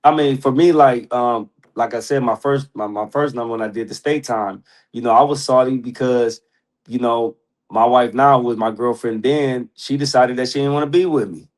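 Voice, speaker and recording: A man's voice: mid-range voice, moderate pace. A man who is a podcast guest, telling stories in casual slang, laughing often and acting out the people he quotes. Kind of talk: casual storytelling.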